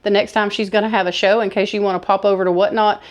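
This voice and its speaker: This woman shows off a thrift haul to camera, chatty and enthusiastic and fond of "y'all," though her medium-pitched delivery comes out flat. She talks at a quick pace.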